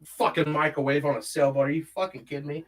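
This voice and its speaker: A man hosting a casual stream from his home, reading chat and drifting into long stories. His voice sits a bit high for a man. He swears constantly and fills pauses with hummed nonsense syllables. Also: fairly even intonation. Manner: rambling, swears a lot, hums filler syllables. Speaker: livestream host reading chat.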